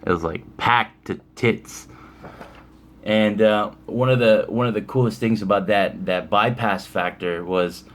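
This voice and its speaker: A man's voice: lowish voice, measured pace. A young man casually telling a rambling, profane story, full of fillers, for his vlog. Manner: laid-back, profane, rambling with many fillers. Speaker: vlogger.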